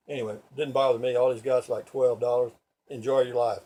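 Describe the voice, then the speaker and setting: A man's voice: mid-range voice, steady tone, fast, warm tone. Folksy older man telling rambling stories. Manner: folksy, profane, digressive. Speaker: vlogger. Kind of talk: rambling personal storytelling.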